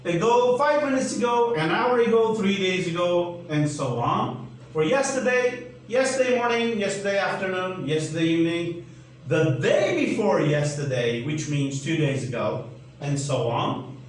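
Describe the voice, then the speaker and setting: A man with a Turkish accent gives a grammar lesson at a very slow, careful pace, spelling out letters one at a time. His voice sits high and moves animatedly. The sound is roomy and distant, with a faint hum behind it. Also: animated. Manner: deliberate, spells out letters, asks then answers his own questions. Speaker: English teacher. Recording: echoey room, mic at a distance, faint hum.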